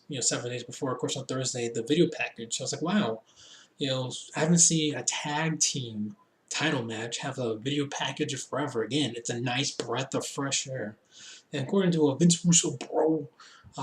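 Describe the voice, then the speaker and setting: A slightly tipsy man talks through a review in a fairly high voice, tripping over names, piling on fillers and chuckling at himself. His voice rings in an echoey room. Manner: rambling, laughs at himself, many fillers. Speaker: wrestling reviewer. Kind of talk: casual video review.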